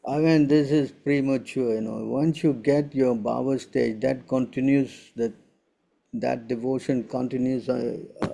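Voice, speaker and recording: A man with a gravelly, mellow voice of middle pitch, answering questions as a spiritual teacher. He talks emphatically and keeps checking in with quick tag questions. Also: steady tone, a little hiss or hum. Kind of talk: Q&A session.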